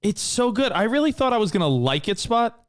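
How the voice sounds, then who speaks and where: A man's voice: sits high, big pitch swings, brisk. A man co-hosting a podcast in casual chat, enthusiastic and prone to stammering and repeating words. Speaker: podcast co-host.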